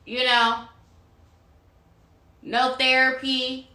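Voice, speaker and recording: A woman's voice: a little high, a little slow, pauses often, pushed and bright, echoey room. A woman giving a tarot reading on a phone live stream, sassy and profane, preaching self-love and calling her listeners honey. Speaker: tarot reader. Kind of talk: Instagram live astrology rant.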